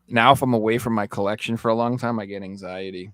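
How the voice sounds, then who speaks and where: A man's voice: fast, no echo, clean studio sound. A young man guesting on a podcast, talking casually and animatedly with plenty of swearing. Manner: animated, swears freely, jumps into high voices for jokes. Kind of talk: casual chat.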